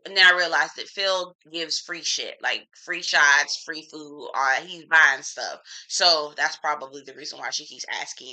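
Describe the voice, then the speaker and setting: A woman's voice: deep voice, unhurried, bright, forceful tone, rough recording. A woman giving a casual, opinionated recap of a reality TV episode, talking frankly with slang and strong opinions. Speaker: TV reviewer.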